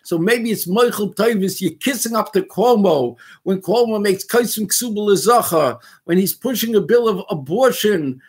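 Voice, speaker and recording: Husky, high-voiced older New man. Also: lively intonation, moderate pace, few pauses. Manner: blunt and fiery, peppered with Yiddish and Hebrew terms. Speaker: rabbi and activist host. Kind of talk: impassioned video commentary.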